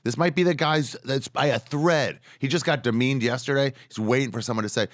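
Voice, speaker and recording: A man, a comedian guest on a podcast, riffing in casual comedic chat with deadpan lines and sudden jumps up in pitch. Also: brisk, few pauses, dry recording, clean studio sound.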